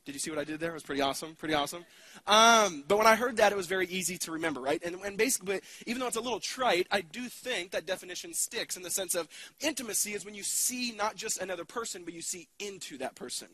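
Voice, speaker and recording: A man's voice: sits high, quick pace, pushed and bright. A man giving a conversational keynote sermon at a conference, casual and self-deprecating, with lots of fillers and restarts. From United States.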